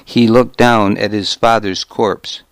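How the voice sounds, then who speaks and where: Male audiobook narrator: low, very slow, grave, first-person telling in a dry studio. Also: steady tone, no room sound.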